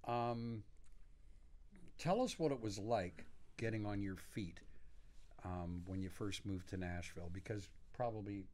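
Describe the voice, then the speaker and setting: A man's voice: on the low side, measured pace, darkish tone. A man hosting a casual interview on stage, asking the questions and prompting his guest with short agreements. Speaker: interview host. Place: studio with live audience.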